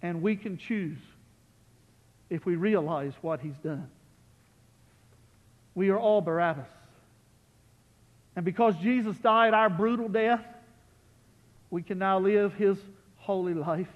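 A man preaching as pastor, building to loud peaks on key lines and dropping to soft, quiet asides. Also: sits high, slow pace, long pauses, long reverb tail, muffled recording. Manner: impassioned, rises loud on key phrases, drops to soft asides. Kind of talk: sermon. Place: church sanctuary.

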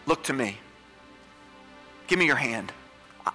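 A man in his thirties preaching a sermon as a pastor, repeating phrases and swinging between pleading high lines and hushed low ones. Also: lively intonation, measured pace. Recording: reverberant hall with soft music.

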